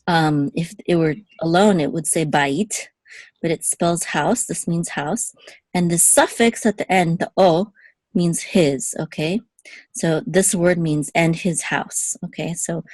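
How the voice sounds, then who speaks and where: A woman teaching a language lesson, patiently repeating words slowly to contrast pronunciations and often checking in with "okay?". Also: on the low side, darkish tone, no room sound. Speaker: Hebrew teacher.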